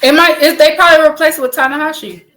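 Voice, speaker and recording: A woman's voice: high-pitched, quick pace. A woman with a Southern American accent, co-hosting a podcast in casual chat, telling stories with animation and frequent laughs. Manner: animated storytelling, laughs often, swears casually. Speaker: podcast co-host.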